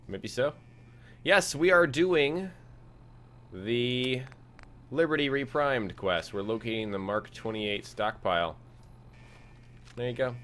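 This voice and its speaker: A young man with a fairly low voice streams a game over slight background noise. Relaxed, he chats casually and reads viewer messages aloud, using lots of fillers.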